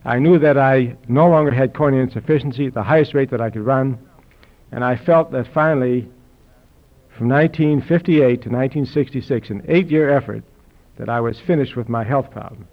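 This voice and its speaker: A man's voice: mid-range voice, brisk. An older man telling a personal story to a live audience in a dry, wry, anecdotal way. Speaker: speaker telling his health story. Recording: dull lo-fi recording with audience laughter.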